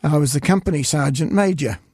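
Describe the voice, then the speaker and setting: A man in his eighties, originally from Scotland, telling stories as an interview guest in a halting, anecdotal way. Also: a little high, a little mellow, dry recording, studio quality. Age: 80s. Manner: halting, anecdotal storytelling with frequent hesitations. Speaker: guest illustrator. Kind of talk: reminiscing interview.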